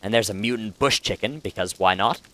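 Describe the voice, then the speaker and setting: Bright-voiced man doing chatty game commentary. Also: fairly low pitch, a little fast. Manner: chatty and rambling, with frequent self-corrections. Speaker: let's play host. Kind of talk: casual gameplay commentary.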